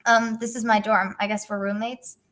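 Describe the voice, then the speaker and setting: A woman's voice: medium pitch, level tone, normal speed, a bit bright, natural voice. A young woman reading a story aloud, voicing a shy teenage girl in her own voice. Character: teen girl heading to a mystic academy.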